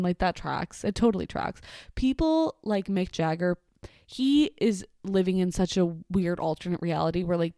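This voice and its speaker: A woman hosts a casual solo podcast, chatting along in an amused, filler-filled way. Her voice is warm and mellow. The sound is dry and close, with no room around it. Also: on the low side, no echo. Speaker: podcast host.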